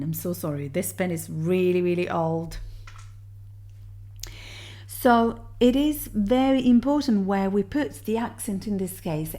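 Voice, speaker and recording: Female theory tutor, low-pitched and unhurried, talks students through answers, counting beats aloud. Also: mellow. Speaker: music theory teacher. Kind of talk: explaining exam answers step by step.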